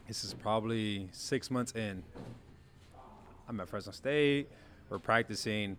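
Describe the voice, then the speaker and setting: A young man who played quarterback, telling stories in a casual chat and acting out quoted lines with sudden jumps in pitch. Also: measured pace, long pauses, slight background noise. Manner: animated storyteller, acts out quotes with big jumps in pitch. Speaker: former college quarterback guest.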